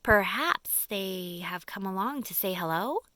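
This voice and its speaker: A woman voicing an old, wise male grasshopper who muses slowly and mildly. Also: medium pitch, animated, bright, forceful tone, no room sound. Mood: musing.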